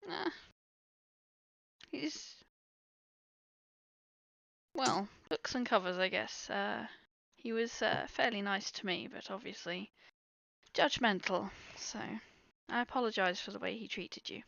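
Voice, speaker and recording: A woman's voice: medium pitch, slow pace, creaky, long pauses, a bit bright, dry recording, muffled recording. A woman playing a tabletop game in character, talking awkwardly and apologetically. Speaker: player.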